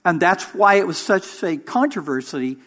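A man preaching a sermon as interim pastor, measured and emphatic, with pauses for weight. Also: high voice, very animated, a bit bright.

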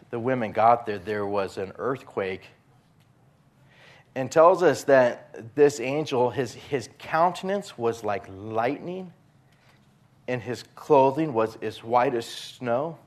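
A male pastor preaching a sermon in a conversational storytelling way, acting out the quotes. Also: medium pitch.

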